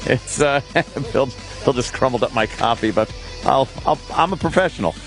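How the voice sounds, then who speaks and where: A man's voice: mid-range voice, moderate pace, faint music behind. Brash male radio host. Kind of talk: live ad read and banter.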